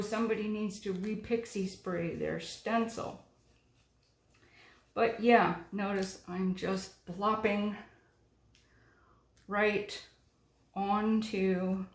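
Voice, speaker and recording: A middle-aged woman chatting through a card-making tutorial, talking her way through each step with frequent ums. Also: mid-range voice. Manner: chatty, narrates while working, many ums. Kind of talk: crafting tutorial chat. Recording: echoey room.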